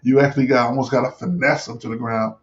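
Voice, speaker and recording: A man's voice: mid-range voice, fairly even intonation, quick pace. A man hosting a sports talk show, giving casual, rambling commentary with many fillers and restarts. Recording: dull lo-fi recording.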